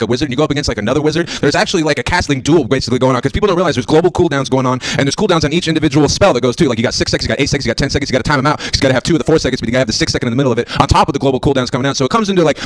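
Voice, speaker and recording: A young man from Florida doing a stand-up set, rambling and self-mocking, now and then bursting into loud mock outrage. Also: a little high. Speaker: stand-up comedian. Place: TV studio stage with a live audience.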